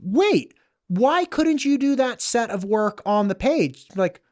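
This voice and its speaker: A man's voice: extremely high pitch, slow, no room sound, clean studio sound. A man in his thirties hosting a podcast, telling stories casually and animatedly and acting out the quotes. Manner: casual storyteller, animated, slangy, acts out quotes. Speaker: podcast host.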